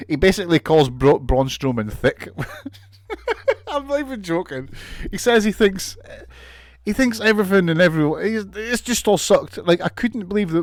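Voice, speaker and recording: Male reviewer, higher register, sarcastic and profane, casual recap, dry close recording. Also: no room sound. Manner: sweary, sarcastic, laughs often. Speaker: wrestling show reviewer.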